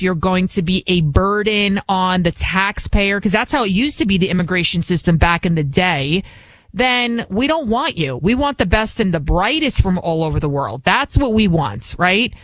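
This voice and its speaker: A woman's voice: fairly low pitch, no echo. A woman hosting a political commentary show, delivering an emphatic, combative monologue and repeating points for stress. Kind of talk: opinionated monologue.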